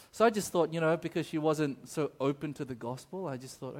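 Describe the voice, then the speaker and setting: A male preacher with a somewhat high voice who delivers his sermon like a chat. He keeps checking in with the crowd, and he stumbles and restarts as he tells his story. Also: quick pace, hardly any pauses, a little mellow. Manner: many fillers and restarts when telling stories.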